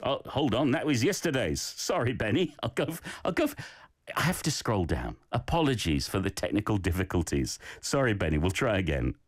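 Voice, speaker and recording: A man's voice: on the low side, very animated, a little fast, dry recording, clean studio sound. A man teaching a daily Korean phrase and giving encouraging feedback on listeners' recordings. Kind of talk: casual language lesson.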